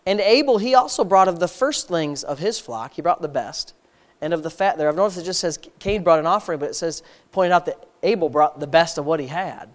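A preacher delivering a sermon in a folksy, conversational way, asking repeated rhetorical questions and swinging from quiet asides to loud, emphatic peaks. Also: medium pitch, a little fast.

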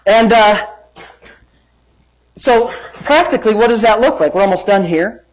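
A man's voice: sits high, a little slow, low-quality recording. Emphatic preaching man. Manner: emphatic, repetitive preaching with playful family anecdotes. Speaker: pastor. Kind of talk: sermon.

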